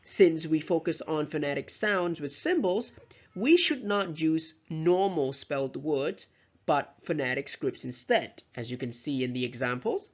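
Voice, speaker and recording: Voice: mid-range voice, lively intonation, a little slow, dull audio. A teacher giving a recorded lesson, explaining carefully and modelling example words aloud. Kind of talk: recorded lecture explaining pronunciation.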